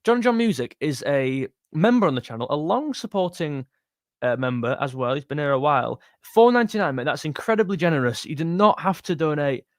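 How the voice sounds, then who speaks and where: A man's voice: fairly high pitch, very animated, brisk, no echo, studio quality. A young man hosting a livestream, reading viewer comments in a chatty, jokey way and calling people mate. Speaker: music channel host reading live chat. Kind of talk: casual livestream chat.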